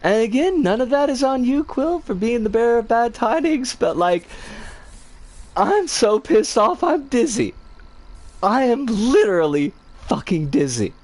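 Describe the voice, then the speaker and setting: Middle-aged streamer with wildly swinging pitch. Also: sing-song, moderate pace, a little mellow. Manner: profane, exasperated ranting with sighs and laughs. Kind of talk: livestream chat, responding to viewers.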